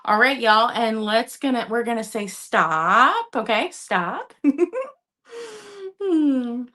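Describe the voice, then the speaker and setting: A woman's voice: on the high side, animated, slow pace, sharp tone. A woman hosting a casual live-stream vintage sale from home, chatty and upbeat, talking to her chat. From Minnesota.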